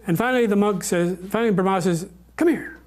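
Man, lecturer, informal talk, high voice for a man, hesitant, many restarts. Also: fast talker.

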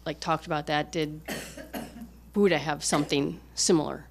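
Woman, student, asking a question, tentative, lots of fillers, lowish voice. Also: fairly even intonation, normal speed, creaky, slight background noise.

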